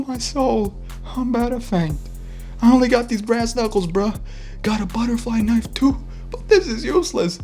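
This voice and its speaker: A man voicing a jittery young male ex-gang member, shrill and frantic, in a storybook reading. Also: a little mellow, exaggerated voice.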